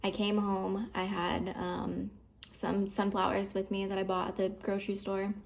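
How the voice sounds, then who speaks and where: Young woman in her twenties, candid vlogger, gravelly voice with a flat delivery, swears a lot. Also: medium pitch, normal speed, slight background noise. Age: 20s. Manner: candid, swears freely, frequent fillers. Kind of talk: personal storytelling to camera.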